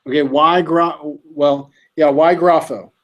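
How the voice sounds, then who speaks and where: A man's voice: a little high, steady tone, unhurried, a bit bright, dull audio. A man tutoring students in Greek grammar, patient and quizzing them on verb forms. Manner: patient, quizzing, says "you tell me". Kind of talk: casual tutoring session.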